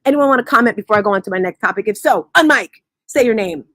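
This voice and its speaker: A woman's voice: mid-range voice, lively intonation, fast talker, dry recording. A woman hosting a motivational morning show, telling stories with lots of energy and laughing easily. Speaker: host. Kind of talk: motivational talk on a live audio room.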